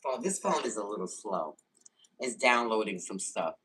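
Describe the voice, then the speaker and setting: Woman hosting a phone livestream; husky, bright tone, swoops in pitch as she greets her chat. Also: moderate pace. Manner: lively, greets viewers by name, talks to chat. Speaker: livestream host.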